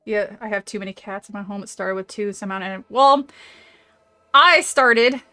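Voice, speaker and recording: A woman's voice: mid-range voice, moderate pace, bright, forceful tone, soft background music. A woman streamer chatting casually with her audience, rambling, trailing off into asides and laughing often. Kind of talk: casual livestream chat with audience.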